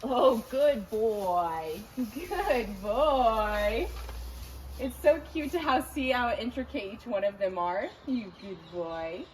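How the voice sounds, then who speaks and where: A woman's voice: a little high, animated, takes it slowly, darkish tone, slight background noise. A young woman vlogging outdoors at a horse stable, praising her horses in sweet baby talk with lots of giggles.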